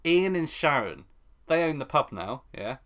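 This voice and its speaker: Lively low-pitched woman. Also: unhurried. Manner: animated, acts out characters in mock voices, laughs often. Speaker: podcast co-host. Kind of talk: casual chat recapping a soap.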